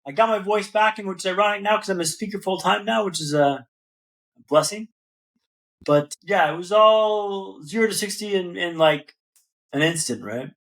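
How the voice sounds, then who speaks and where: A young man, a podcast guest, telling his story in a casual, animated way and calling the host man and brother. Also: high-pitched, moderate pace. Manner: animated, slangy, calls listener man and brother.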